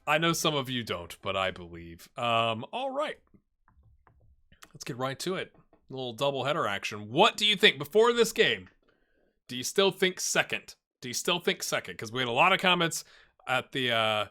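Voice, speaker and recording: A Scottish man hosting a casual let's-play from his home office, chatty and excitable, bursting into loud commentary when the match heats up. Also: medium pitch. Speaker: gaming channel host. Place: home office with a blue screen.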